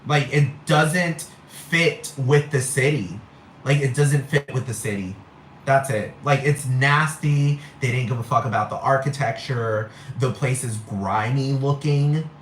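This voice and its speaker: A male vlogger rants bluntly and profanely, repeating himself as he gets heated in an echoey room. He has a mid-range voice and speaks a little slowly, with slight background noise.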